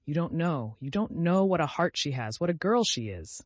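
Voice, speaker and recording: Man doing a frantic hoarse widow. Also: very animated, normal speed, no room sound. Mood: desperate pleading. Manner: shrill, pleading, accusing outbursts. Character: frantic consumptive widowed mother, hoarse and desperate.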